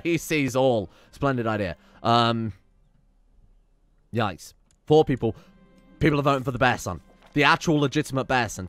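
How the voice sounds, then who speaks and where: A man's voice: medium pitch, no echo. A man giving playful, sarcastic commentary as he plays a strategy game, often reading the game's text aloud and swearing at setbacks. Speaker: gaming YouTuber.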